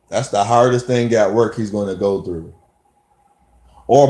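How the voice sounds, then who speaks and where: A man talks straight to camera in a loose, rambling monologue at an ordinary middle pitch, often slipping into quoted back-and-forth exchanges. His voice rings around a hard, echoey room. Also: darkish tone. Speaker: vlogger. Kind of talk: casual spoken monologue.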